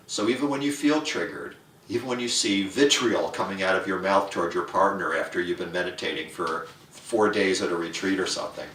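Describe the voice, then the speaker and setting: A man's voice: sharp tone, a little hiss or hum. A man giving a humorous, playful rant about spiritual practice, acting out inner voices. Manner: playful, acts out inner voices in a higher pitch. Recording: roomy echo, mic at a distance.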